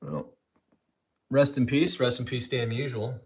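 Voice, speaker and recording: A man's voice: mid-range voice, sing-song, unhurried, slightly rough. A man hosting a casual live stream who rambles, reads viewer comments aloud and walks around his room while he talks. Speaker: livestream host. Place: room at home with an autograph wall.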